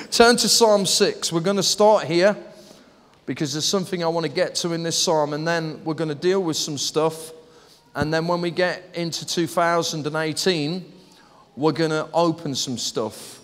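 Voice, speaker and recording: Lively preacher, high-pitched, story-driven, recorded with a long church-hall echo. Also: male voice, a little slow. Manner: animated storytelling, acts out voices and laughs. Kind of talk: lively sermon.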